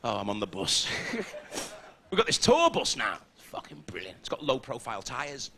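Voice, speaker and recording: A man's voice: mid-range voice, wildly swooping pitch, moderate pace, bright, forceful tone, a little hiss or hum. A man with a Scouse accent doing crude, brash stand-up comedy on a theatre stage. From Liverpool, England. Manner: brash, crude, swearing punchlines.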